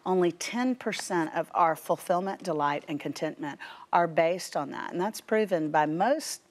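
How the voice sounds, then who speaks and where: A woman in her fifties with a Southern US accent, a guest author telling stories on a faith talk show in an animated way. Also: on the low side, normal speed. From Tennessee. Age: 50s. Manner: animated storyteller who quotes voices. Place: TV studio.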